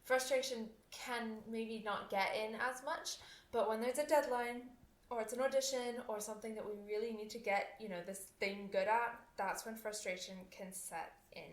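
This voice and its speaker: A woman's voice: on the high side, fairly even intonation, normal speed. A young adult woman hosting a podcast, chatting casually with lots of fillers and restarts, often laughing. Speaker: podcast host and oboist. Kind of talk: casual solo podcast talk. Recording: echoey room.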